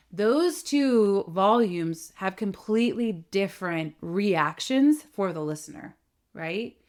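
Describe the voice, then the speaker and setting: Animated woman voice coach. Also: mid-range voice. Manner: animated, demonstrates vocal changes, frequent "right?". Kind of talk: instructional talk to camera.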